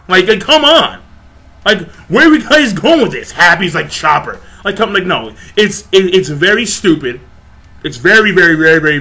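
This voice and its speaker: A man ranting casually to camera in an animated, profane way, often repeating himself. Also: a little high. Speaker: vlogger.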